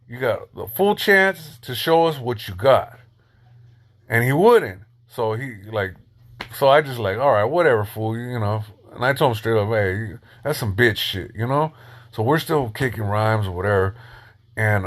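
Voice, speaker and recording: A middle-aged man spinning a long story on a live stream, speaking in relaxed street slang. He pauses with plenty of "um"s and "you know"s and stops now and then to shout out people watching. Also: medium pitch. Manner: loose street slang, many fillers, shouts out viewers.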